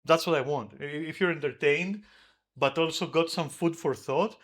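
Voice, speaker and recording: High, bright-voiced man ranting angrily. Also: normal speed. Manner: heated, profane, yelling at times. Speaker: streamer. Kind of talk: angry venting rant on stream. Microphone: desk microphone.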